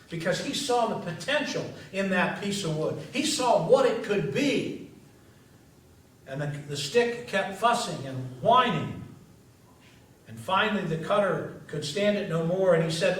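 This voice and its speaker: Pastor with a fairly high voice, storytelling sermon, dramatic pauses, recorded from far back in a very echoey sanctuary. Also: male voice, expressive, fairly bright tone. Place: church sanctuary. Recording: echoey church from a distance.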